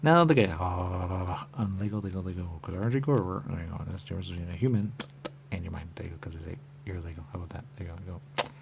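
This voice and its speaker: A fast, gravelly, deep-voiced man, a radio talk host, rambles through a stream-of-consciousness monologue against background noise. Repetition marks his talk: "there you go" comes up again and again, and he drifts into whispers.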